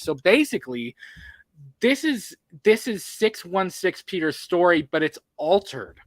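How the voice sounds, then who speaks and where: A man co-hosting a casual movie podcast, talking animatedly with lots of fillers and quick asides. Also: fairly high pitch, no echo. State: has the hiccups. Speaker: podcast co-host.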